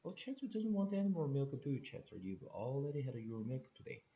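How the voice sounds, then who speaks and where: A kind, sensible mother, voiced by a Korean-accented man in a storybook reading. Lines rise and fall with lively emphasis, heard in an echoey, dull-sounding room. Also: mid-range voice, fairly quick, voice pushed up. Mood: soothing.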